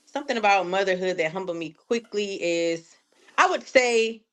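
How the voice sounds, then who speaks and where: A woman's voice: medium pitch, lively intonation, moderate pace, fairly bright tone. Woman in her 30s from detroit, guest on a podcast, chatty, lots of "like" and "you know". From Detroit, USA. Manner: chatty, full of fillers and acted-out quotes. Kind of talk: casual chat.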